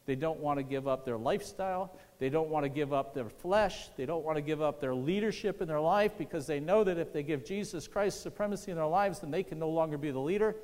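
A man's voice: a little high, fairly quick, few pauses, darkish tone. A man preaching a sermon to his congregation in a church, conversational and often asking the room questions. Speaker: pastor. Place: church sanctuary. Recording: long hall reverb.

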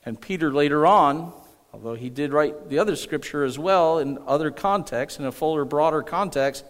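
A man preaching a sermon as pastor, emphatic and calling on the congregation to respond. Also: fairly high pitch. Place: church sanctuary. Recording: echoey hall.

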